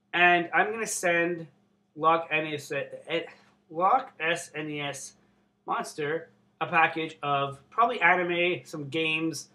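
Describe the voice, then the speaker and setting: A young man from Canada vlogging casually, excitable and swearing constantly. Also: a little high. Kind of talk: casual unboxing vlog.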